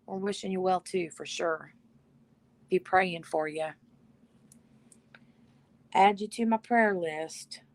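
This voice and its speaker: A woman's voice: on the low side, slow pace, long pauses. A woman hosting a casual live stream from her bedroom, chatting and reading viewer comments aloud. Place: bedroom at home.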